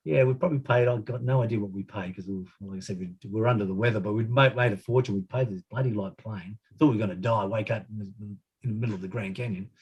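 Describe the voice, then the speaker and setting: An Australian man in his fifties tells old football stories at a quick clip. His voice is husky, and he rambles through anecdotes with chuckles and restarts. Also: lowish voice. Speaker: podcast guest, former footballer. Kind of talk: casual storytelling.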